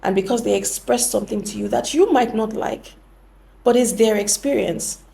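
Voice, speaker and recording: A woman's voice: fairly high pitch, moderate pace, creaky, dark tone, slight background noise. A young woman hosting a podcast, explaining things earnestly and often correcting herself mid-sentence. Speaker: podcast host. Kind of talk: reflective podcast talk.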